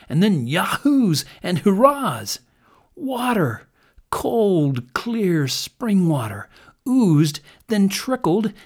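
Male storyteller reading a children's tale, animated, shifts between hushed and lively. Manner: expressive, drops to a hush at quiet moments; builds in pitch and loudness as the action rises.

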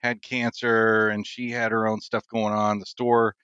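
A man chatting as a podcast guest, telling stories in a relaxed way with frequent laughs. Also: fairly low pitch, measured pace, clear, resonant tone, no room sound, highs cut off. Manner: storytelling, laughs often, relaxed. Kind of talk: casual chat.

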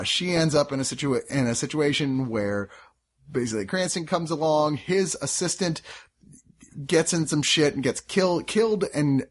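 A man's voice: medium pitch, breathy edge. A man co-hosting a casual movie review chat, joking and acting out quoted reactions. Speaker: film review podcast co-host.

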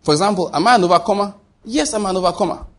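A man's voice: sits high, rapid-fire. A man preaching a sermon as pastor, asking the congregation rhetorical questions and answering them.

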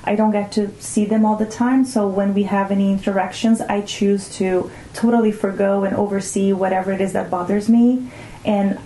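A woman's voice: medium pitch, mellow, slight background noise. A woman, speaking earnestly as an interview guest and thinking aloud with small restarts. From Brazil. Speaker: guest, mother of two teenagers. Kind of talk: reflective conversational interview. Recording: roomy echoing room.

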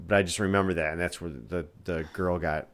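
A man's voice: sits low, fairly even intonation, fairly quick. A man co-hosting a podcast in casual late-night chat, joking and teasing in a laid-back way. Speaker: podcast co-host.

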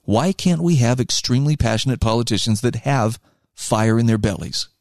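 A man's voice: medium pitch, lively intonation, normal speed, creaky, darkish tone, no echo. Earnest man in a dry room. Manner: earnest, emphatic reading with asides. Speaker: commentator. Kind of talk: reading and commenting on an article.

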